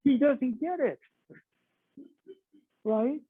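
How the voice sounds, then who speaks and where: A man's voice: very high-pitched, very slow, breathy edge, dry recording. A middle-aged man teaching a martial arts class, explaining chattily with lots of "okay" and "you know.". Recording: dry, tinny phone-like sound.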